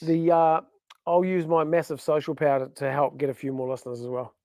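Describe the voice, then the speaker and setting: High-voiced man joking on a podcast. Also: level tone, brisk, darkish tone, no room sound. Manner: joking, rambling, exaggerates for laughs. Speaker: podcast co-host. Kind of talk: casual banter. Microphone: studio microphone.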